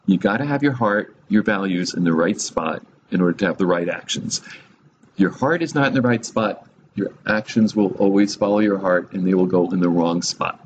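A man leads a relaxed Bible teaching in a fairly low voice, mixing reading with quick jokes and frequent chuckles. He turns to his listeners with direct, searching questions. A faint hum of room noise sits behind him. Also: dull audio. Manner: chuckles often, humorous asides.

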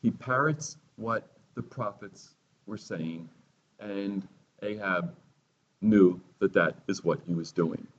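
A low-voiced man leads a Bible lesson with a sarcastic, theatrical edge, jumping up in volume when he acts out the scripture. The recording sounds dull and lo-fi. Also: slow. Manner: sarcastic, theatrical, reads quotes in a raised voice. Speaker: Bible teacher. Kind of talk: sermon-style Bible teaching.

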